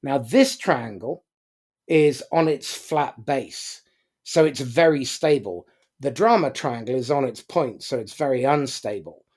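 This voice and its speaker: A man's voice: mid-range voice, measured pace, a little mellow. A man speaking as a podcast guest in a casual motivational talk, emphatic, with frequent ums and uhs.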